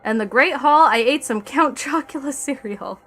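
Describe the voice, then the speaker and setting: A fairly high-voiced woman reads a fan story aloud on a live stream, dropping sarcastic and foul-mouthed remarks between passages. She talks into a desk mic, with soft music playing faintly underneath. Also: normal speed. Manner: sarcastic, profane asides between read passages.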